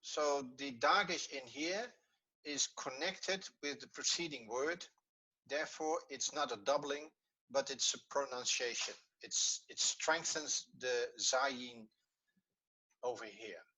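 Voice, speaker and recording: A man's voice: medium pitch, slow pace, sharp tone, husky, low-quality recording. A man teaching a Hebrew lesson online, patiently explaining step by step and repeating points so they sink in. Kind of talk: online lesson, screen-sharing.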